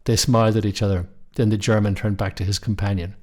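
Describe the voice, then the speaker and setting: Middle-aged male storyteller; steady, measured reading, low register. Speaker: narrator.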